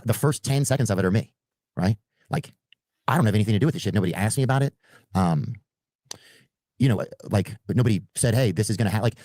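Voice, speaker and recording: Fast-talking man with a dark voice. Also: mid-range voice, no echo, clean studio sound. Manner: rambling, fillers, profanity. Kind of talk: casual storytelling.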